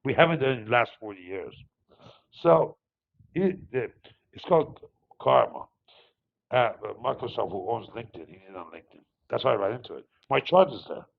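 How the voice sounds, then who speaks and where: Animated gravelly man, dull lo-fi audio. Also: mid-range voice, moderate pace. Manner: digressive, animated, frequent fillers and restarts. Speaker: market analyst hosting a review. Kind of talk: rambling live market commentary.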